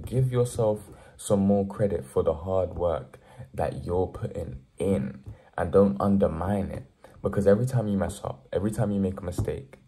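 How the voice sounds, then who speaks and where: A young motivational vlogger speaks straight to the camera with a low, warm voice. His talk is earnest, preaching hard work and building up to emphatic pushes.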